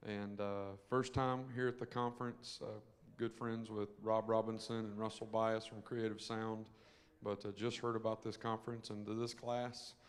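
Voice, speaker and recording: Low, flat-voiced worship pastor. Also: male voice, moderate pace. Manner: relaxed, with fillers. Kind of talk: casual self-introduction. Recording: reverberant hall sound.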